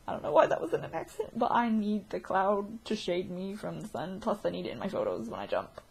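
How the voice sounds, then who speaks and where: A woman vlogging a casual video diary, excitable and giggly, rambling from one thought to the next. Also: mid-range voice, a little fast, creaky, hardly any pauses, husky.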